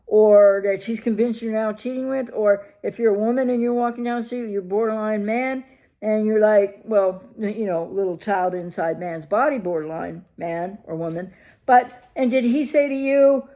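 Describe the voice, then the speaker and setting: Speaking at a moderate pace, a woman with a medium-pitched, warm voice offers recovery coaching straight to her viewers. It's direct-to-camera advice, forceful in tone and full of rhetorical questions.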